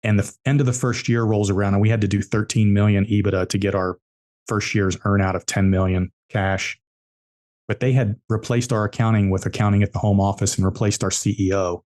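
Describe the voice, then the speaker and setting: A man's voice: lowish voice, level tone, a little fast, darkish tone. A man, an entrepreneur guest on a podcast, telling business stories emphatically and repeating his key points. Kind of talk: storytelling interview answers.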